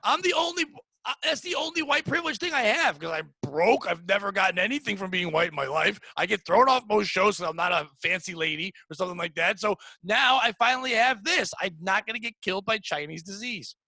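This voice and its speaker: A man's voice: high voice, expressive, brisk, sharp tone, no room sound, rough recording. A middle-aged man hosting a podcast, venting bluntly and profanely in casual chat. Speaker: podcast host. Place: home room.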